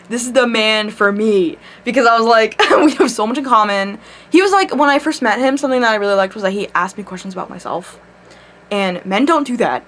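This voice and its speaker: A woman telling a personal story straight to her camera in a casual vlog, animated and full of swearing. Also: a little high. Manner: animated, swears a lot, laughs mid-story. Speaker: vlogger. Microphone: camera mic.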